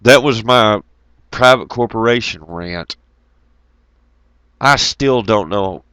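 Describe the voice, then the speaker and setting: A man's voice: on the low side, slow, fairly bright tone, clear, resonant tone, no room sound. A middle-aged man hosting an online talk show, ranting heatedly with lots of swearing and mocking asides. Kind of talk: profane ranting monologue.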